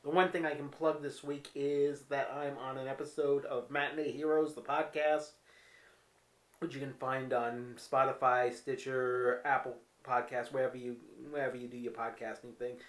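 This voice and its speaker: A man's voice: mid-range voice, little pitch movement, normal speed, fairly bright tone. A man vlogging casually from his apartment, telling stories with wry, candid, self-mocking humor. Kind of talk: casual home vlog storytelling. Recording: roomy echoey room.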